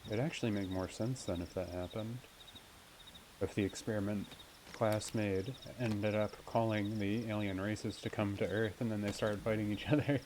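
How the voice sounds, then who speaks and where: A man's voice: lowish voice, steady tone, normal speed, slight background noise. A man streaming a game live, musing aloud in a rambling, casual way. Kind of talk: casual live gameplay commentary. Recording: soft mic under loud game music.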